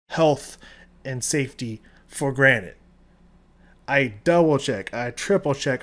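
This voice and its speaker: A man giving casual reaction commentary, ranting and swearing, swinging between loud outbursts and low muttering, his voice strained. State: voice strained, recovering. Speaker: video reactor.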